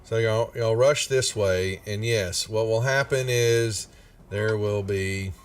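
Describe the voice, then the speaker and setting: A man's voice: fairly low pitch, slow pace, a little hiss or hum. A man running a tabletop game, folksy and drawling, chuckling often. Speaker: game master. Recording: a bit far from the mic, faint music behind.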